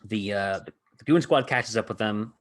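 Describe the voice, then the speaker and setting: A man's voice: lowish voice, moderate pace. A man hosting a podcast, casually recounting a tabletop game session he ran, rambling with many filler words. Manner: rambling, heavy on filler words, laughs often. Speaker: podcast host and game master.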